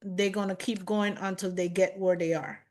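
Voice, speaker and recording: Woman guest, reflective storyteller, unhurried measured delivery, mid register. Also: medium pitch, fairly even intonation. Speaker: chef and guest.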